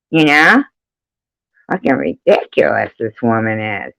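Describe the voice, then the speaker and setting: A woman's voice: very deep voice, very animated, normal speed, gravelly, dry recording, poor audio. A woman chatting casually on a live stream, rambling and swearing freely, laughing often between remarks. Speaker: livestreamer.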